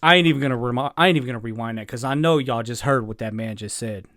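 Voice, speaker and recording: A man's voice: mid-range voice, very fast, crowd noise. A man giving angry reaction commentary, indignant and exasperated, swearing and then apologizing for his language. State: upset.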